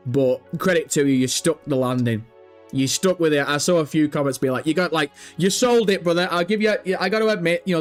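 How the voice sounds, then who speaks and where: Male streamer, higher-pitched, swears a lot and laughs through his chat, light music underneath. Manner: sweary, cracking up with helpless laughter. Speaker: gaming news livestreamer. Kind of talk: casual livestream chat.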